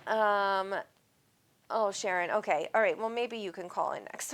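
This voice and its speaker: A woman's voice: mid-range voice, lively intonation, measured pace, fairly bright tone. A woman hosting a live call-in psychic reading, talking in an affectionate, rambling way and calling the caller sweet names. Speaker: psychic medium host.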